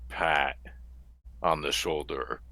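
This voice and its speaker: Man voicing a gravelly hungover ale-lover. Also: a bass voice, slow, sharp tone, a little hiss or hum, heavily acted. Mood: gruff. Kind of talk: tabletop role-play.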